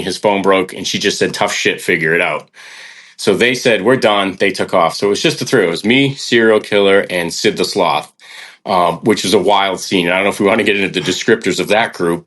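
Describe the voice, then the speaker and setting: A man casually telling a long hiking story on a podcast, acting out the people he quotes. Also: lowish voice. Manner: animated, acts out quoted people. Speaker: hiker guest on a podcast.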